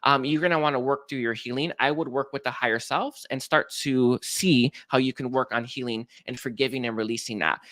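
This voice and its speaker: A man's voice: mid-range voice, a bit bright, no echo, clean studio sound. A man giving a live-streamed psychic reading, talking with many fillers and restarts. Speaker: psychic reader.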